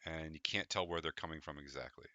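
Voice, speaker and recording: A man's voice: extremely low pitch, steady tone, quick pace, bright, forceful tone, no room sound. A man running a tabletop game as game master, narrating loosely with fillers.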